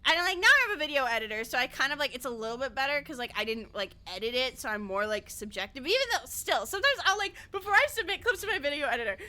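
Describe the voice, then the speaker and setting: A woman's voice: sits high, expressive, racing, hardly any pauses, bright, forceful tone. A woman VTuber streamer chatting casually while gaming, rambling, laughing a lot and swearing freely.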